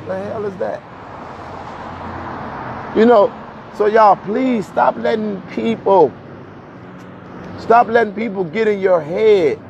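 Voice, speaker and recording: A man's voice: sits high, slow pace, gravelly, long pauses. Breathless man talking while walking uphill. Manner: animated, repeats himself, laughs often. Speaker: livestream host. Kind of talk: casual live-stream talk to viewers. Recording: dull lo-fi phone audio with faint street noise.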